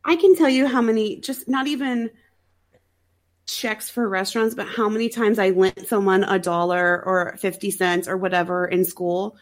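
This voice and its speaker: A woman's voice: medium pitch, fairly even intonation, normal speed. A woman sounding a little sick, co-hosting a podcast and recapping a movie in wry, chatty talk with frequent laughs. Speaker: podcast co-host. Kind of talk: casual chat recapping a movie.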